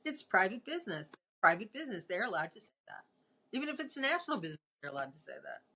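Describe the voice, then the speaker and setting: A woman's voice: mid-range voice, very animated, quick pace, sharp tone, slightly rough. A woman in casual conversation giving emphatic, opinionated views. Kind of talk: casual chat.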